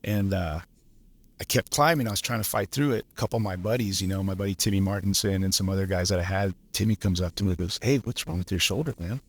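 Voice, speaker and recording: A man's voice: deep voice, fairly even intonation, quick pace. A man, a lineman guest from Los Angeles, telling stories in a laid-back way, swearing freely and laughing as he goes. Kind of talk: casual storytelling.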